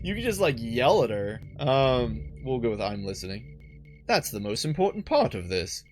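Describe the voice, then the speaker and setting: A man's voice: mid-range voice, sing-song, moderate pace, faint music behind. A man casually commenting on a fantasy video game, joking and reading its dialogue aloud. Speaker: let's play host.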